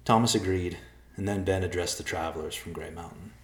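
A man with a very deep voice reads a storybook aloud in a calm, measured way. The recording carries a roomy echo. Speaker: narrator. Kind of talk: storybook reading. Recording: echoey room.

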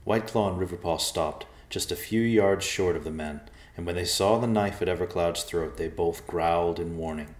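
A man reading a storybook aloud as narrator, in a steady, even way. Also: deep voice, normal speed, hardly any pauses. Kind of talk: audiobook narration. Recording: roomy echo.

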